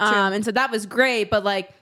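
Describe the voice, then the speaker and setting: A woman's voice: medium pitch, fairly even intonation, normal speed, bright, forceful tone. A woman in her twenties, a podcast guest chatting casually, rambling with lots of fillers and trailing off. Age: 20s. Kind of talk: casual chat.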